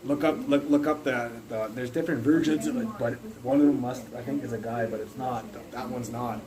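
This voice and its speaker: A man's voice: mid-range voice, steady tone, fairly quick, noisy background. A young man talking on a phone livestream in a blunt, profane and rambling way, often restarting his sentences. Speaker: live streamer. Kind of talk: casual rambling live-stream chat.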